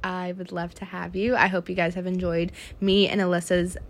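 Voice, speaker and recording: A woman's voice: lowish voice, little pitch movement, moderate pace. A woman hosting a chatty podcast, giggling often and filling her speech with "like". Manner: giggly, chatty, heavy on filler "like". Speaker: podcast host. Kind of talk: casual storytelling chat.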